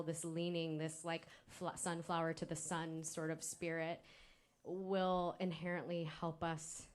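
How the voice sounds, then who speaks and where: Woman emceeing a live show, lowish voice, talks slow, lots of ums, bit far from the mic. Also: clean tone. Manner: warm-hearted, rambling with many fillers. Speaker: event host. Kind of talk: live event hosting.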